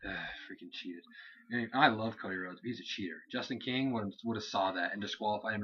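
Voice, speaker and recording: Husky young man, lo-fi recap chat. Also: on the low side. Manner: rambling recaps, acting out wrestlers' lines. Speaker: co-host of a wrestling review show. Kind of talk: casual chat. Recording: dull lo-fi home recording.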